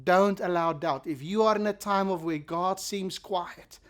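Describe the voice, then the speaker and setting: A middle-aged man giving a reflective devotional sermon as a pastor, earnest, sometimes dropping to a soft whisper. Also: sits high, measured pace. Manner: reflective, earnest, acts out quoted questions with soft drops to a whisper.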